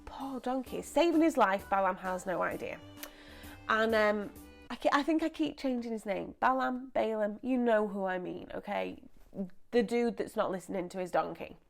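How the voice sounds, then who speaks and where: A young woman presenting a lively children's church story, chatty and animated. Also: mid-range voice, normal speed, creaky, faint music behind. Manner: animated, chatty, acts out voices.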